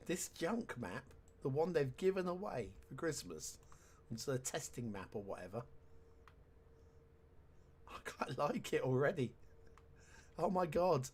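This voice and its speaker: A man's voice: mid-range voice, big pitch swings, unhurried, long pauses, slightly rough. A man giving casual let's-play commentary, chatty and wry with sarcastic asides. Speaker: game commentator.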